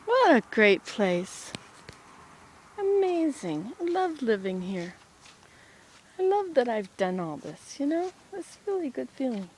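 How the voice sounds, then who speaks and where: A woman's voice: high-pitched, very animated, measured pace, a little mellow, slight background noise. A woman vlogging casually from home and garden, chatting in a meandering way to the camera and to herself. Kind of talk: casual rambling vlog.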